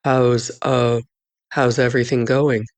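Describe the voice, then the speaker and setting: A groggy husband speaks hesitantly on the phone, his tone conciliatory and apologetic, as a woman narrator puts him on. The voice sits low and flat in tone, with little melody in it. It is audiobook character voicing. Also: slow pace, heavily acted.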